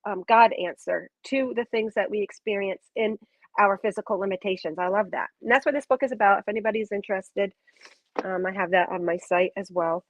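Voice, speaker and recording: A woman giving a live channeled spiritual reading, talking in long flowing repeated phrases with soft fillers. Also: mid-range voice, a little fast, no room sound, lo-fi sound.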